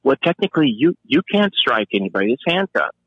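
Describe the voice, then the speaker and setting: A man, a former police officer and Marine, telling a profane story in an animated way and acting out the voices he quotes. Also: a little fast, husky, dry recording, highs cut off. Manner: profane, acts out quoted voices with sharp pitch jumps.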